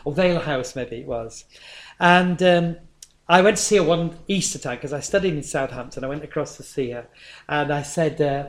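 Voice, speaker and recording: Male preacher, slightly high voice, chatty storytelling sermon. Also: normal speed. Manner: conversational storytelling, lively.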